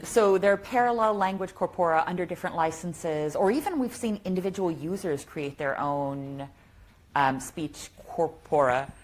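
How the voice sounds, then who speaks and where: A woman speaking at a tech conference, answering audience questions in an eager, quick and chatty way. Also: deep voice.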